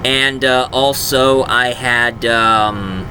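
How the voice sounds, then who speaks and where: A man's voice: medium pitch, steady tone, extremely slow, background noise. A man who makes audio dramas, talking in a casual, rambling way with frequent fillers and restarts. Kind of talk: casual vlog talk.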